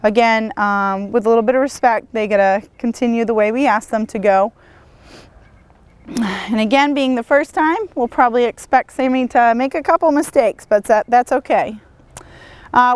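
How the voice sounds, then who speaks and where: Woman horse trainer, mid-high voice, calm instructional delivery outdoors. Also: clean tone, no room sound. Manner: calm, encouraging, praises the horse often. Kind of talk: instructional demonstration.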